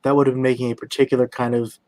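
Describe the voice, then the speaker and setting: Guy hosting a chat, mid pitch, thinks out loud, dry close mic. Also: level tone, very fast, dry recording. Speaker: host. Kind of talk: casual conversation.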